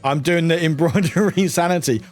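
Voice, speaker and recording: Male streamer, high and very expressive, talkative and laughing, faint music behind. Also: brisk. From United Kingdom. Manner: animated and chatty, laughs often, exclaims loudly. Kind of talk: casual live-stream chat with viewers.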